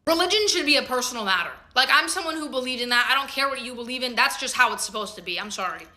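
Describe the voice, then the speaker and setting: A woman's voice: high voice, animated, fast talker, pushed and bright. A young woman telling a personal story to camera in loose, slangy talk with plenty of swearing. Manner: slangy, loose, swears freely, acts out what others said. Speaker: vlogger. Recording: roomy echo.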